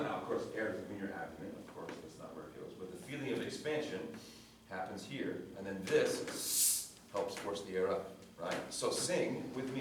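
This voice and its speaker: A man coaching a chorus through warm-ups, giving brisk commands and demonstrating sounds by singing them. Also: medium pitch. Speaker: vocal coach. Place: rehearsal room with a chorus. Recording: echoey room from far off, noisy.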